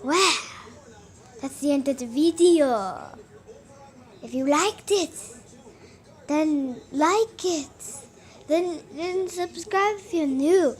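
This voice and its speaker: A woman with a high voice hosts a silly skit video at an unhurried pace. She talks in a playful, goofy way and rambles from one joke to the next. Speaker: channel host. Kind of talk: silly toy skit vlog.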